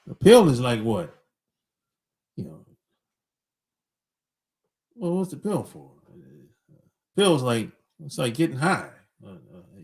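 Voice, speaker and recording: Slow, laid-back middle-aged man, lively pitch. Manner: laid-back, chuckles between points, blunt slang. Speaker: podcast host. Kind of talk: casual opinionated monologue.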